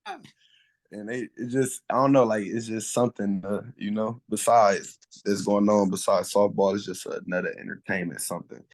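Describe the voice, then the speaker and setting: A man's voice: on the low side, fairly even intonation, normal speed, hardly any pauses. A man who works as an umpire, chatting casually in an interview in a laid-back, colloquial way. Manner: laid-back, colloquial, acts out quoted voices. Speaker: umpire guest.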